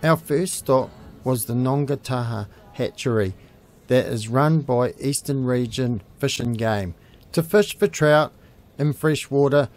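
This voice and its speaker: A man, hosting a fishing show and giving a steady, informative scripted voice-over. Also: medium pitch, slight background noise.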